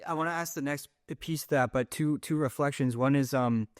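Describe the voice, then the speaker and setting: A middle-aged man in the host's chair, feeling his way through long thoughts with lots of likes and restarts. His voice sits in a middle pitch and is recorded dry and close, with no room sound. He talks in an easy, casual way. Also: fairly quick, dry recording. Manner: rambling, searching for words with many fillers and restarts. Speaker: podcast host. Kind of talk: casual conversational interview.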